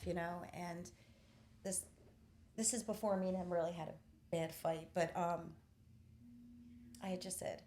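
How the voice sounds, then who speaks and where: A middle-aged woman telling a painful family story candidly, pausing often with fillers. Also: fairly low pitch, a little mellow, a little hiss or hum. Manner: candid, halting with many fillers. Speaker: podcast host. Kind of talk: personal storytelling in conversation.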